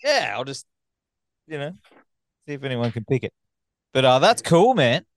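A man's voice: medium pitch, very animated, moderate pace. A man hosting a podcast interview, joking and loose, swearing casually. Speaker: podcast host.

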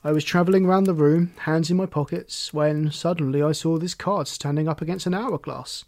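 An eager young man talks with lively emphasis and a slightly raised pitch, voiced by a male audiobook reader. He sounds earnest and sincere. The recording is dry and close. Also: normal speed, no echo, close to an everyday voice.

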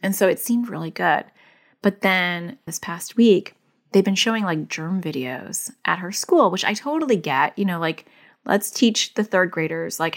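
A woman's voice: on the low side, a bit bright. A woman who is a therapist and a parent, talking in an earnest, chatty way with lots of "like" fillers as she gives advice. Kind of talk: casual advice monologue.

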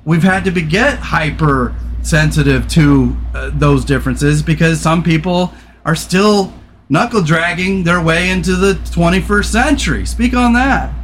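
Animated, higher-pitched podcast host man. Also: measured pace, slight background noise. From California. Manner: animated, swears, laughs often. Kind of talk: casual chat.

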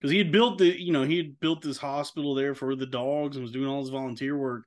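During a casual podcast conversation, a man tells a long, meandering story, using "dude" often and putting on voices for anyone he quotes. He has a medium pitch, fairly even intonation, and a quick pace.

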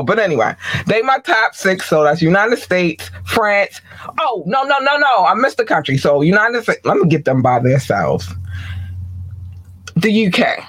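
A man hosting his own podcast in a casual, playful chat, giving chatty shout-outs and laughing now and then. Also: fairly high pitch, no room sound. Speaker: podcast host.

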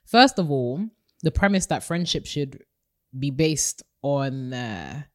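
A woman's voice: a bass voice, lively intonation, takes it slowly. A woman co-hosting a podcast, candid and opinionated with a wry humor. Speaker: podcast co-host. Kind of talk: casual chat.

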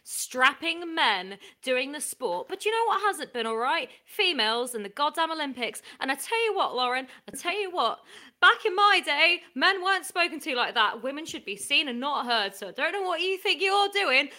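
A blustering old northern boomer sports reporter, played by a woman in an improv comedy game. The put-on northern English accent sits on a bright, forceful voice pitched a touch high, and the rants about the good old days come out gruff and old-fashioned. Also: very animated, moderate pace, exaggerated voice. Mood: ranting.

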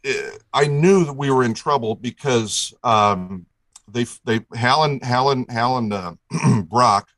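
A man's voice: mid-range voice, slow, a bit bright, dry recording, rough recording. A middle-aged man telling a long story as a guest, enthusiastic and rambling, restarting his sentences often. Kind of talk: casual storytelling chat.

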